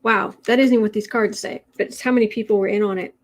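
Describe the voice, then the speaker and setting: A woman's voice: mid-range voice, steady tone, fast, poor audio. A woman hosting a tarot and astrology livestream, chatting casually and reading out viewer comments with rambling restarts. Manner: chatty, rambling, with frequent restarts and soft laughs.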